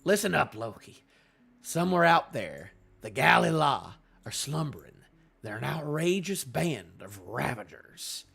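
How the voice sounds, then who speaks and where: A man voicing a brash, scheming male pirate captain in a put-on British accent, gruff and boastful. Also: on the high side, sing-song, unhurried, a bit bright, faint music behind, exaggerated voice.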